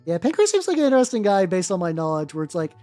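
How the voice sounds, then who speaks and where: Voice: mid-range voice, very animated, very fast, warm tone, soft background music. A miniature-painting streamer chatting casually with viewers while working, rambling with many restarts, swearing offhandedly and greeting chat by name.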